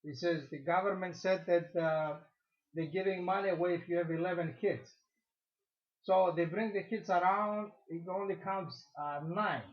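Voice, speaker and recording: A man's voice: sits high, steady tone. A man co-hosting a casual radio chat, telling long rambling jokes and stumbling over his words. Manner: rambling, halting joke-teller. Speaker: co-host. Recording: dull lo-fi recording.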